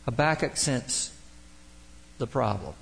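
A man's voice: mid-range voice, slow pace, vocal fry, fairly bright tone. A man preaching a sermon as pastor, with dramatic swells and drops and emphatic quotations.

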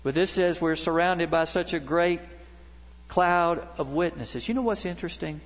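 A man's voice: a little high, normal speed. A middle-aged male pastor preaching a sermon, telling stories as his voice rises and drops. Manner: storytelling preacher, voice rising and dropping. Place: church sanctuary. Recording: long reverb of a big hall.

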